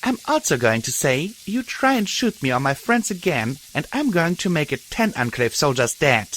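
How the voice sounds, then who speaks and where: A man's voice: a little high, very animated, normal speed, a bit bright, slight background noise, voice pushed up. A man voicing a screaming, furious young mare. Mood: sharp, defiant. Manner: screaming in rage. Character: furious young mare pony, fierce fighter.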